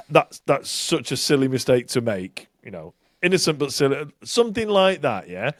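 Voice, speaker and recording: A man's voice: mid-range voice, very animated, normal speed, few pauses, dry recording, studio quality. A middle-aged British man co-hosting a podcast, talking casually with indignant, sweary energy. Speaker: podcast co-host. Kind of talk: casual chat.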